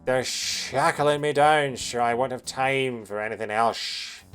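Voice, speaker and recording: A man's voice: mid-range voice, unhurried, a bit bright, faint music behind, natural voice. A man doing a slurring drunk woman reporter. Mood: grumbling drunk. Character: drunk, brash female reporter in a bar. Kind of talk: reading game dialogue aloud.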